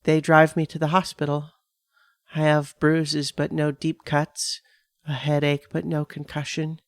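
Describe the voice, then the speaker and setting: A woman giving a measured, dramatic first-person reading of a scripted horror story on a close studio mic. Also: low voice, completely flat delivery, no room sound. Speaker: narrator.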